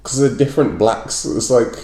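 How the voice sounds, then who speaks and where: A man's voice: mid-range voice, normal speed. A man with a Northern English accent, a comedian joking as a podcast guest in casual chat. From North of England. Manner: joking, deadpan banter. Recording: roomy echo.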